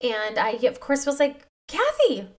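A woman's voice: medium pitch, a little slow. A woman in her thirties hosting a faith-based podcast, talking to her listeners in a confiding, emotional way. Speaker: podcast host. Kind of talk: heartfelt faith-based talk.

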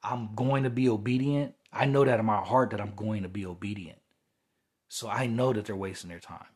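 A young podcast host with a lowish, darkish voice and a breathy edge speaks a little fast. His heated, rambling spiritual monologue keeps circling back to "you know what I'm saying".

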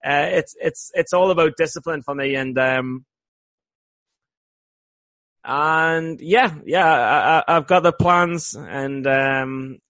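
A man co-hosting a podcast, talking in a casual, animated way with many stammered restarts and laughs. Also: on the high side, takes it slowly, dry recording. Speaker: podcast co-host.

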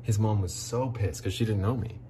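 A man telling a rambling story in casual chat, animated and swearing freely, acting out what people said. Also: on the low side, normal speed, noisy background.

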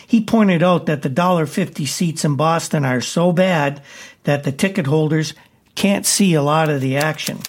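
Man reporting sports news, slightly high. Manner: brisk, matter-of-fact delivery with occasional filler "uh".

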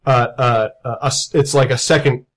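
A man getting over a cold, playing in a tabletop game and describing his moves with many pauses and restarts. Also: medium pitch, steady tone, a bit bright. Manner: hesitant, many fillers and restarts. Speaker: player. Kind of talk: tabletop role-play chat.

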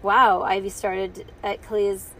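A woman reading a children's book aloud in a lively read-aloud manner that stumbles now and then. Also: mid-range voice, normal speed, a little hiss or hum. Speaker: storyteller.

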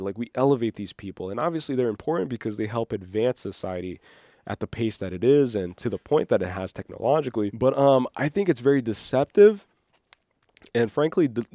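A man hosting an unscripted solo podcast, rambling and excitable, sometimes losing his train of thought. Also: medium pitch, no echo. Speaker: podcast host.

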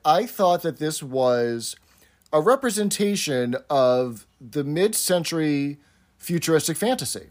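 A man with a slightly high voice co-hosts a casual podcast. He recaps a sitcom episode and talks it over in a relaxed, chatty way. He keeps adding asides and tag questions. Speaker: podcast co-host.

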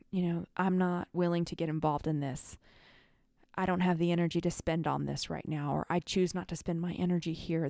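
A woman's voice: fairly low pitch, creaky, mellow, no room sound, studio quality. A woman from the United States, an energy healer, giving earnest, conversational advice with many fillers. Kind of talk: casual advice monologue.

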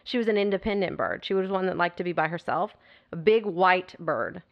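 A woman co-hosting a podcast, chatting in a lively way and laughing easily. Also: lowish voice, brisk. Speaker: podcast co-host. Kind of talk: casual chat. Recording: dull, muffled sound.

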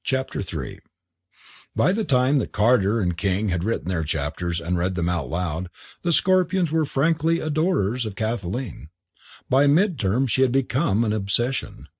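Sex: male. Role: audiobook narrator. Pitch: lively, melodic. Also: a little slow, husky, no echo, clean studio sound. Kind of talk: storybook narration.

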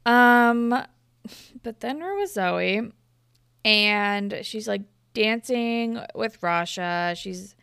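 A woman's voice: medium pitch, lively intonation, extremely slow, creaky, a bit bright, smooth, no echo, clean studio sound. A young woman co-hosting a casual podcast, recapping a TV episode in a candid, chatty way and swearing freely. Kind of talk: casual chat.

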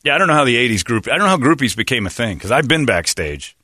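A man's voice: medium pitch, sing-song, quick pace, bright, forceful tone, no room sound, clean studio sound. A middle-aged man hosting a podcast, telling rambling, crude, jokey stories in casual chat. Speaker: podcast host.

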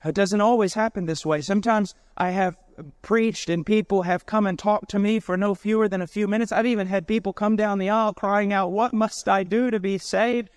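Urgent, clear-voiced male preacher. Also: high voice, fairly even intonation, a little fast, hardly any pauses, no room sound, clean studio sound. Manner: urgent, direct, pleading with listeners. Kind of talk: sermon.

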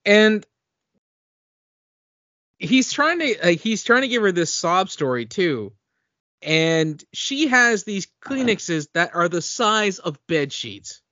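A high, bright male voice riffs on a movie with dry joking asides. The recording is dry and somewhat dull, with a close home mic. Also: big pitch swings, slow, dry recording. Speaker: podcast co-host. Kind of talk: casual movie-review chat.

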